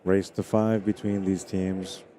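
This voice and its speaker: Low, dark-voiced man commentating pool. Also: level tone, slow pace, slight background noise. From Spanish heritage. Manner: chatty, laughs, reads viewer comments aloud. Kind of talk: casual live-stream commentary.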